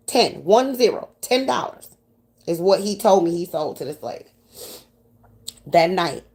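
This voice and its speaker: A woman from New York with a New York accent, telling a profane story to her audience in a casual, animated way. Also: fairly low pitch, a little slow, long pauses.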